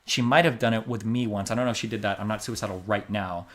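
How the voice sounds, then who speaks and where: A man in his thirties from the United States, a streamer giving blunt, emphatic commentary on a livestream, dropping to muttered asides between loud stressed points. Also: lowish voice, fairly even intonation, fast. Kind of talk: livestream commentary reading a court transcript.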